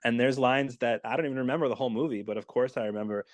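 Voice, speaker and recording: A man's voice: mid-range voice, rapid-fire, dry recording. Dry-sounding enthusiastic male dialect coach. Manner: enthusiastic, explanatory. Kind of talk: casual interview chat.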